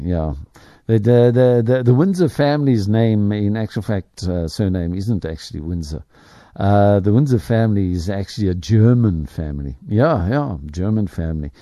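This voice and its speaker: A man's voice: on the low side, dark tone, dry recording, clean studio sound. A man hosting a business show, giving opinionated commentary in a rambling way with many fillers and restarts. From Africa. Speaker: host.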